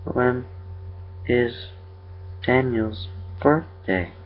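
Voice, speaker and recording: A man's voice: medium pitch, voice pushed up. A man doing an eerie creature mimicking a child. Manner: slow, halting, word-by-word questions. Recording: lo-fi dull recording.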